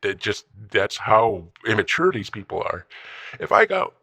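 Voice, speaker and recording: A man's voice: on the low side, sing-song, measured pace, pushed and bright, full character voice. A man playing a grumpy, ancient old man in a comedy rant, rambling and grumbling as he complains about how things have changed. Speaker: comedy character host.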